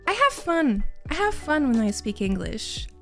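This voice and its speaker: High-voiced young woman with a mild Quebec French accent. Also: very animated, measured pace, a bit bright, faint music behind. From Quebec, Canada. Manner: chatty, laughs often, trails off and restarts. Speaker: streamer. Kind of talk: casual chat with viewers.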